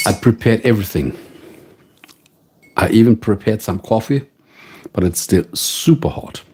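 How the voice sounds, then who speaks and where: A man with a German accent hosting a casual live stream from home, musing slowly and greeting viewers by name. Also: fairly low pitch, animated, darkish tone, husky. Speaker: livestream host.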